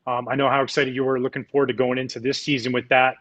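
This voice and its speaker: A man's voice: medium pitch, little pitch movement, quick pace, fairly bright tone. A man hosting a casual interview, asking long, eager questions about baseball. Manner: enthusiastic, long wandering questions. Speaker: interviewer, host.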